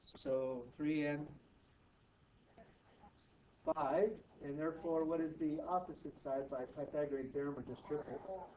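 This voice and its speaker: A man teaching math to students, brisk and teasing, often checking in with quick questions. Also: on the high side, steady tone, warm tone. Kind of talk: classroom tutoring. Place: classroom. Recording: distant, muffled, noisy classroom recording.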